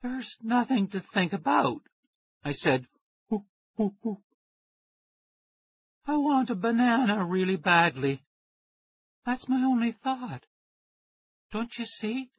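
A scratchy, high-pitched boy who is half chimp, hooting between anxious words, as a man reads him in a storybook. The voice swings up and down and has a husky edge. The recording is dry and a little dull. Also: sing-song, slow pace, pauses often, no room sound, exaggerated voice. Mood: urgent. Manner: breaks into hooting chimp sounds.

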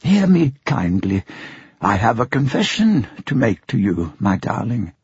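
A man reading an audiobook, voicing a timid little old father who is gentle, anxious and remorseful. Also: mid-range voice, sing-song, unhurried, breathy edge, no echo, full character voice. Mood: pleading. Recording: dull lo-fi sound.

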